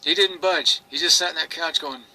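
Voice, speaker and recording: A man's voice: a little high, brisk, pushed and bright, rough recording. A man telling his own story in an earnest, rambling monologue, restarting phrases and quoting others. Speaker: experiencer recounting his story. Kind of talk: personal monologue to camera.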